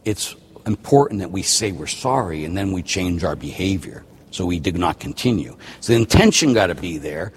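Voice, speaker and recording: Husky male priest guest, lively delivery, plays out little scenes, long reverb. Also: low-pitched, moderate pace, hardly any pauses, slight background noise. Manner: animated, acts out quoted dialogue. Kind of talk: casual chat.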